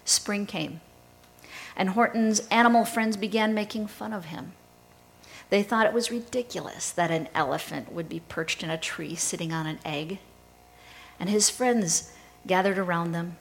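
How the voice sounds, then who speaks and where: A woman pastor delivers a sermon at a slow, unhurried pace. Her voice sits a little low, and her telling is measured and steady. Faint noise hums behind her. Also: low-quality recording.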